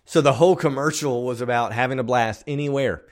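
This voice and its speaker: A man's voice: mid-range voice, a little fast. A man hosting his own podcast, talking casually and upbeat, a self-described optimist who rambles with restarts and fillers. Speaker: podcast host. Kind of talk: casual solo podcast talk.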